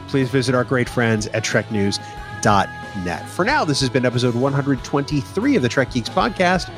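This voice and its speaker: A man's voice: medium pitch, very animated, music in the background. Teasing male podcast co-host. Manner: teasing, quick to laugh. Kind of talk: casual podcast banter.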